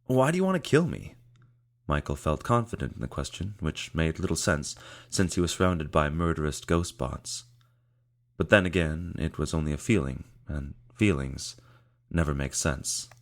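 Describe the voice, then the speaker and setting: A male audiobook narrator with a very low, deep voice. He reads in a measured, steady way, drawing out key phrases as the story goes along. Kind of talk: scripted narration.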